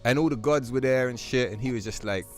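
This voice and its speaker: A man's voice: mid-range voice, fast. A young man streaming a game, telling a long rambling story in casual chat with heavy swearing and many fillers. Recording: faint music behind the voice.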